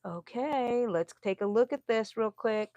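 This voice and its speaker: A woman's voice: fairly high pitch, a little slow, darkish tone, no echo, lo-fi sound. A middle-aged woman from the United States chatting casually on a crochet live stream, laughing often and talking to viewers by name. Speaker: crochet vlogger.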